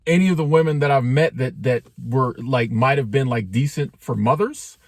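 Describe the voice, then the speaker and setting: A man's voice: mid-range voice, moderate pace, dry recording, studio quality. A man in his forties talking casually in a joking, conversational way, full of slang and asides to his viewers. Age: 40s. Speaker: vlogger. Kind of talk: casual talking-head monologue.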